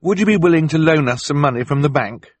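A man doing an earnest young boy, polite and serious, in a raised voice. Husky in tone and recorded dry. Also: fairly high pitch, lively intonation, fast talker, no room sound, pitched above the performer's own voice.

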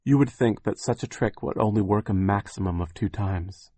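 A man narrating an audiobook in a dry, wry storytelling manner, pausing to explain words. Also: on the low side, mellow, husky, dry recording.

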